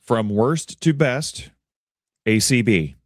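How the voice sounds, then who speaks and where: Slow, animated male co-host. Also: mid-range voice, no room sound, studio quality. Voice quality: animated, laughs easily. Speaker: podcast co-host. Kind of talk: casual chat.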